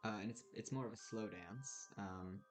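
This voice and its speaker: A man narrating as game master of a tabletop role-playing game, relaxed, with many pauses and fillers. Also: on the low side, soft background music. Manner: relaxed, many ums and uhs.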